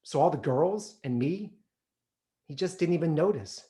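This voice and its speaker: Animated man telling a comic life story. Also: fairly high pitch, moderate pace. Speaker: solo performer. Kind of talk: autobiographical solo theatre monologue.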